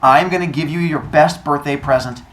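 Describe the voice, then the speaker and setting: A man voicing a booming, fatherly male sun god who makes loud, slow, grand pronouncements. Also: reverberant, natural voice, rough recording.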